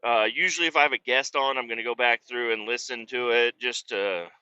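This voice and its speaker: A man's voice: medium pitch, brisk, smooth, no room sound, highs cut off. A man in his thirties hosting a podcast, talking casually and swearing often while he rambles from his car. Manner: animated, rambling, swears often, laughs a lot. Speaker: podcast host. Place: driving in a car on a bumpy road.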